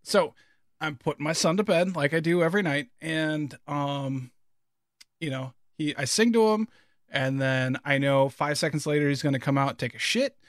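A man's voice: fairly high pitch, moderate pace, no room sound, clean studio sound. A man in his thirties chatting casually as a podcast co-host, telling stories with many fillers and restarts. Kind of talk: casual chat.

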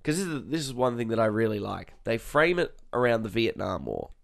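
Guy cohosting a movie podcast, gravelly fry in his voice, rambles and trails off. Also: mid-range voice, very animated, a little fast. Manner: rambling, trails off, restarts sentences. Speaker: podcast co-host. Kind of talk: casual film review chat.

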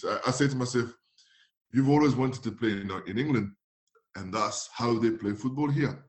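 A man from France with a French accent, a guest telling animated anecdotes in a casual interview, acting out quotes and laughing often. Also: mid-range voice, moderate pace. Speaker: guest, former footballer.

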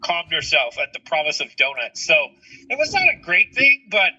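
A man in his thirties telling animated parenting stories in casual chat, swearing freely. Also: on the high side, normal speed, breathy edge. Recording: dull lo-fi recording.

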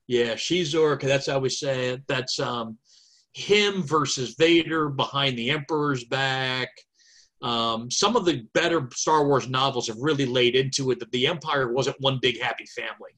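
A man talks at length on a podcast over a video call, chatty and thinking aloud. He pauses on fillers as he goes. His voice sits at an ordinary middle pitch. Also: a bit bright. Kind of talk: casual chat.

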